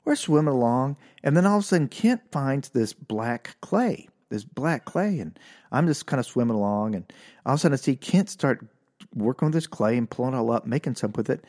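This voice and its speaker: A middle-aged man spins a comic yarn from his younger days. His voice swings widely up and down in pitch as he goes, and he often laughs at his own punchlines. The telling is loose and animated. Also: a little fast. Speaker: storyteller. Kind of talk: comic personal storytelling.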